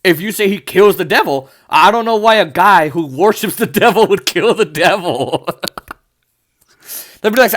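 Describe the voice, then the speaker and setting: High-pitched sarcastic ranting man. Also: lively intonation, a little slow, a bit bright. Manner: exasperated, sarcastic, swears often. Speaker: podcast host. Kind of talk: ranting political commentary.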